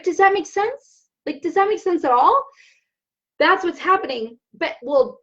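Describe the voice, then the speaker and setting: High-voiced woman coaching on a live stream. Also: muffled recording. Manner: energetic, asks the audience questions. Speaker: business coach.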